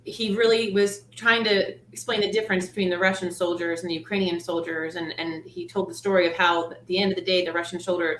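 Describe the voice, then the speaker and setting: A woman's voice: on the low side, fairly bright tone. Emotional woman near tears, voice kinda shaky, roomy echo. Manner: emotional, holding back tears. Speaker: co-host. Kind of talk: emotional panel discussion. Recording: roomy echo with faint hiss.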